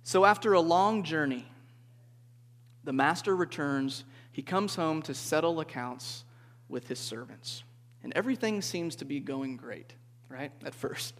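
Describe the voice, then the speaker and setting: A man preaching to a group in a relaxed, conversational way, often checking in with "okay?" and asking the listeners questions. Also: a little high, unhurried. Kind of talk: interactive sermon. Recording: reverberant hall.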